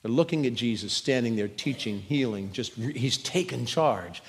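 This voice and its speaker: A man's voice: medium pitch, lively intonation, moderate pace, in a large hall. A man preaching a sermon, earnest and emphatic, often repeating words as he builds a point. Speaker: pastor.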